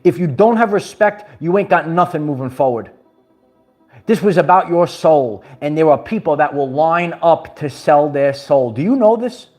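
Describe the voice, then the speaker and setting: A man's voice: fairly high pitch, animated, moderate pace, darkish tone, soft background music. A man from Brooklyn, talking to his viewers in an emphatic, preachy way and repeating his phrases. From Brooklyn, New York. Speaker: spiritual empowerment vlogger. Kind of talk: livestream motivational talk.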